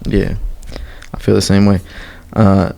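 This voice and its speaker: A man hosting an interview, asking brief low-key questions. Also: monotone, slow pace, vocal fry, dark tone. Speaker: interviewer, host.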